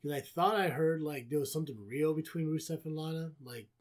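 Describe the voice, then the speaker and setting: A man's voice: a little high, a little fast. A man co-hosting a podcast, recapping wrestling in casual chat, swearing often and sarcastic. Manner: profane, sarcastic, rambling. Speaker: podcast co-host.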